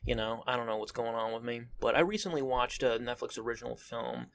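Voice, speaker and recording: A man's voice: medium pitch, steady tone, fairly quick, gravelly. A young man hosting a casual solo podcast, groggy and coughing after just waking up, rambling and restarting his sentences. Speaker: podcast host.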